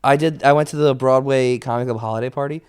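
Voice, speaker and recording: A male comedian telling stories in a relaxed podcast chat. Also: medium pitch, fast talker, clean tone. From moved to New York at seventeen. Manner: animated storyteller, shouts when quoting. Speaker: stand-up comedian guest. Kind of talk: casual podcast storytelling.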